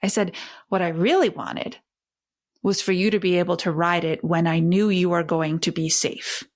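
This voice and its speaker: A woman parenting educator hosting a talk, speaking expressively and acting out warm back-and-forth with a child as she teaches. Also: lowish voice, moderate pace. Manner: expressive, emphatic, acts out dialogue with a child.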